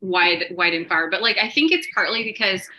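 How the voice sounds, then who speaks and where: A woman's voice: on the low side, a little fast, bright, forceful tone, a little hiss or hum, poor audio. A woman co-hosting a casual chat, easygoing and laughing lightly between remarks. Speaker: podcast co-host.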